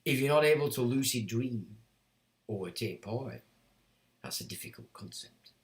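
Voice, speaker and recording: A man's voice: mid-range voice, expressive, a little slow, reverberant. A man hosting a livestream, reading chat comments and ranting in a blunt, sweary, sardonic way. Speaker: livestream host.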